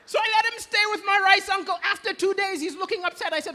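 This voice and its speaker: A man from Malawi doing stand-up comedy, telling stories with animated, punchy delivery. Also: very high voice, fast, few pauses, in a large hall, a little hiss or hum.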